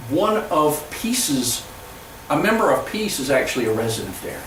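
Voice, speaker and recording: A man speaking as a pastor, giving an earnest storytelling presentation to church leaders, with halting restarts. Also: medium pitch, slight background noise. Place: church hall. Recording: echoey room, from far off.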